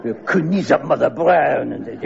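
A flamboyant French official with a thick accent. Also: male voice, mid-range voice, lively intonation, normal speed, gravelly, lo-fi sound, a crowd in the background. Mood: scornful. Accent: exaggerated French. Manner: theatrical, scornful, flamboyant. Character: boastful scornful French tourism official. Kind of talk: sketch comedy acting.

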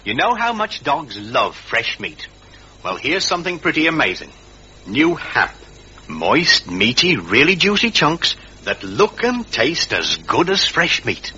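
A man's voice: on the high side, wildly swooping pitch, unhurried, pushed and bright, dull audio, slight background noise. A man selling in an upbeat 1970s TV advert. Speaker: advert narrator.

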